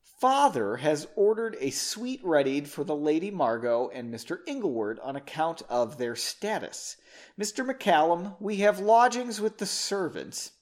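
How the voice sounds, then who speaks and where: A cold, sneering young nobleman in a storybook reading, haughty and clipped, voiced by a man. The voice sits a little high and moves around a lot. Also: very animated, normal speed.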